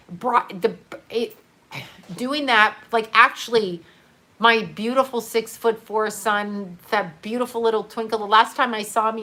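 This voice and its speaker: A middle-aged woman hosting a livestream, talking in a halting, emotional way with many fillers and restarts, grieving and swearing casually as she reads viewer comments. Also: fairly high pitch, sharp tone. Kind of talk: unscripted livestream talk.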